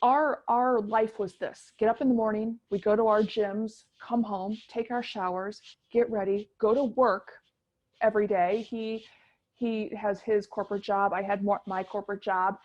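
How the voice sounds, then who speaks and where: A middle-aged woman, telling her story as a guest in a casual interview, animated and chatty with many restarts. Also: mid-range voice, normal speed, lo-fi sound. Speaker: guest chef.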